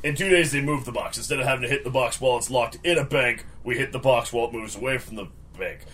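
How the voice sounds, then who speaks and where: A man playing a tabletop game in character, laying out a heist plan in a fast, rambling patter. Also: mid-range voice, fairly bright tone. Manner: fast, scheming, explains plans in a rambling patter. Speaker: player. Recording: faint background noise.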